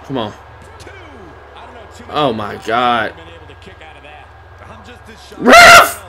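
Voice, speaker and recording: Playing a wrestling video game, a gamer mutters to himself and swears at the screen in frustration as casual commentary. His medium-pitched voice is animated and unhurried, and the recording is very noisy.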